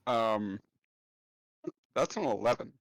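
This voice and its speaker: A man playing a tabletop game, joking and relaxed as he acts out his character. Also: medium pitch, no room sound, low-quality recording. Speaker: player. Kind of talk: casual chat while playing a tabletop game.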